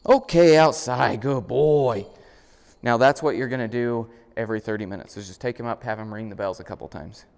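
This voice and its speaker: A middle-aged man, a dog trainer, explaining step by step how to train a dog, now and then praising the dog in a higher voice. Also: steady tone, fast talker, few pauses, clear, resonant tone. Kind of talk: instructional demonstration. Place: indoors at a home, moving outside. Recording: reverberant room sound.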